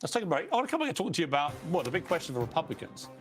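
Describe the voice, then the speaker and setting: A man hosting a broadcast interview show, with a brisk presenter delivery. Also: a little high, very animated, soft background music. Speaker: TV talk show host.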